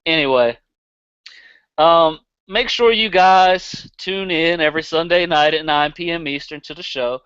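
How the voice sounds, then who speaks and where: A man's voice: on the high side, a little slow, fairly bright tone, smooth, no room sound, dull audio. A man with a Southern accent hosting a casual podcast, blunt and profane, laughing easily. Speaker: podcast host.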